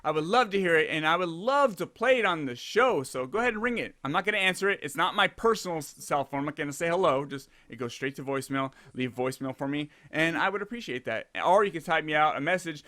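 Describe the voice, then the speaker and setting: A man's voice: fairly high pitch, expressive, fast talker, few pauses, pushed and bright. A man from the United States hosting a casual podcast over a video call, rambling and joking about himself. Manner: rambling, self-deprecating, jokey. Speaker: podcast host.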